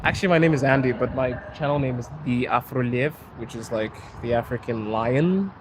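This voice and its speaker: A man's voice: mid-range voice, a little fast. A young Zimbabwean man live-streaming from a city street, chatting casually with viewers and laughing often. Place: outdoors on a city street by trains. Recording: outdoor street noise.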